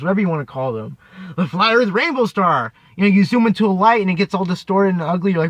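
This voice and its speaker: A vlogger rants angrily to camera in a high, sing-song, fairly bright voice, talking fast. He's heated and profane, repeating himself and mocking those he's arguing with. The recording is dry.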